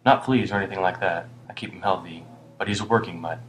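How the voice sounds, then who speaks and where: A man's voice: low voice, fast talker, slight background noise, lightly acted, rough recording. A man voicing a weary, older homeless British man who rambles ruefully and reproaches himself. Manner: rambling, rueful, muttering at times.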